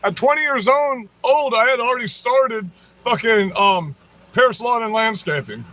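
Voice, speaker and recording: A man's voice: very high-pitched, moderate pace, pushed and bright, no echo. A man hosting a livestream, ranting heatedly and with constant swearing at the people he is addressing. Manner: profane, heated, ranting to the audience; keeps saying "you know what I mean". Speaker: livestream host. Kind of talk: livestream rant.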